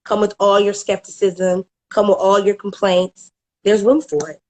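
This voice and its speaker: A woman's voice: medium pitch, little pitch movement, normal speed. A middle-aged woman, giving a candid personal testimonial about a coaching program, often repeating words and laughing as she goes.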